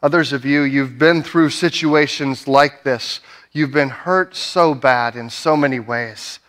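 A man's voice: mid-range voice, measured pace, fairly bright tone. A young adult man preaching a sermon, telling a personal story earnestly, with many "right?" asides and restarts. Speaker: pastor. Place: church sanctuary.

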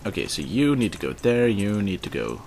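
Male gamer, lowish voice, mock-polite banter, muttered swearing, loud keyboard clatter behind. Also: very animated, fairly quick, slight background noise. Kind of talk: casual gameplay commentary.

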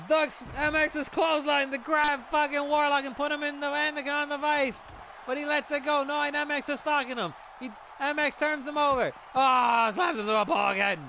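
A man giving excited play-by-play commentary on a wrestling video game match, shouting at the big moves. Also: extremely high pitch, a little hiss or hum, rough recording.

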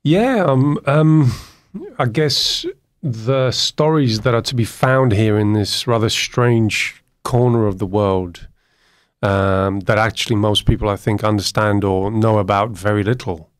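A man from Poland, a radio guest telling stories in an animated way and tagging his points with "yeah?", recorded in a studio. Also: lowish voice, unhurried. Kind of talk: radio interview conversation.

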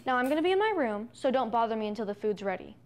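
A woman's voice: a little high, very animated, rapid-fire, a little hiss or hum. Woman playing a haughty spoiled rich girl. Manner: haughty, commanding. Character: spoiled, cruel rich girl bossing a maid. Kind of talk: scripted skit drama. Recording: background music under dialogue.

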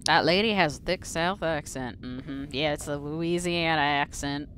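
Bright, playful woman game streamer. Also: deep voice, measured pace, a little hiss or hum. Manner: playful, joking, talks to herself, swears. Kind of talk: casual gameplay commentary.

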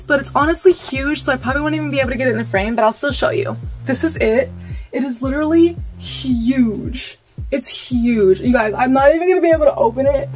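A young woman vlogging about her clothing finds, talking casually with lots of fillers and excited squeals. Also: high-pitched. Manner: bubbly and gushing, many fillers and squeals. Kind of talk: casual haul vlog.

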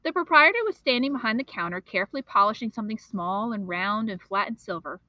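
A woman, a teacher, reading a children's novel aloud in an expressive, steady storytelling manner. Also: medium pitch, quick pace, no room sound, lo-fi sound.

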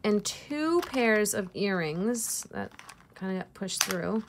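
Female vlogger, unhurried and chatty, gushes and giggles; faint hum behind. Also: medium pitch, animated. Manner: gushing, chatty, laughs at herself. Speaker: jewelry reseller vlogger. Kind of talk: casual unboxing chat.

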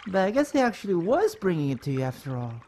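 A man voicing a timid, earnest young boy in a game, a bit higher than his own voice. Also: sing-song, quick pace, a little mellow, slight background noise.

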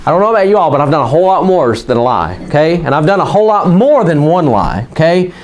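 With a slightly high, sing-song voice and fast delivery, this man preaches in a church. He begins in a folksy, joking style and builds to fervent preaching, while the congregation responds with amens in the background.

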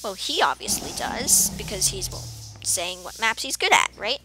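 A woman with a medium-pitched, lively voice rambles at a moderate pace through casual commentary on her own gameplay. She giggles and makes playful beeping sound effects while faint game music plays behind her.

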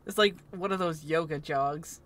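A woman streamer chatting casually while playing a game, giggling often and reacting loudly to scares. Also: low-pitched. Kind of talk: casual gaming chat.

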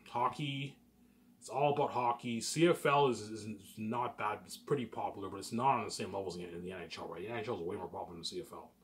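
Young canadian dude rambling on camera, lowish voice, keeps restarting and bragging. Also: male voice, quick pace, slight background noise. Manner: repetitive, restarts phrases, boastful daydreaming. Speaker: vlogger. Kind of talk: rambling casual monologue.

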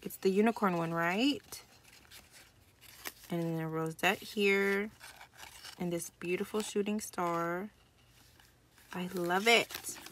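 Bubbly excitable woman, bright voice. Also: lowish voice, slow, long pauses, a little hiss or hum. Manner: gushing, excitable, chatty. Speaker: crafting channel host. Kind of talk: casual unboxing vlog.

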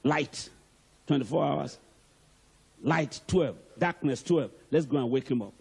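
A calm, gentle Jesus speaks in a low, reassuring voice, as a man acts him out in a sermon. He talks slowly and softly, with a husky edge. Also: full character voice. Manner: soft, unhurried, reassuring.

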